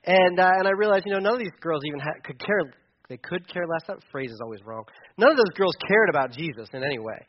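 A man's voice: high voice, lively intonation, quick pace, highs cut off, a little hiss or hum. Candid man telling a sermon story. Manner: candid, self-deprecating, many fillers and restarts. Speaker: pastor.

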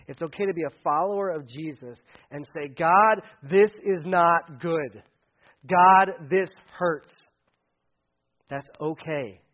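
A man preaching a sermon, animated, acting out quoted voices and swinging between loud and hushed delivery. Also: mid-range voice. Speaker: pastor. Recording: dull lo-fi sound.

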